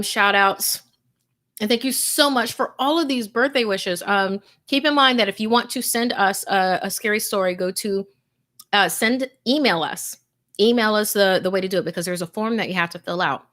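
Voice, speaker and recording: Woman host reading horror, hushed and chatty. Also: mid-range voice, moderate pace. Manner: hushed, tense narration dropping into whispers, chatty and laughing between readings. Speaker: livestream host and story narrator. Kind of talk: dramatic horror story reading, then casual livestream chat.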